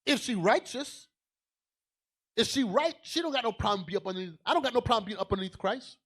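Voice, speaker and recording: A man preaching a fiery sermon as a bishop, emphatic and calling out to the congregation, swinging from low asides to loud declarations. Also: animated, brisk, slightly rough.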